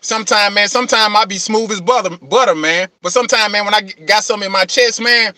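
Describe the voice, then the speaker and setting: A man with a very high, sharp, bright voice delivers an impassioned motivational rant, thick with profanity. He keeps circling back to "man" and "you know what I'm saying." The recording is close and dry. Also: quick pace, no echo. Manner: calls himself passionate, gets things off his chest.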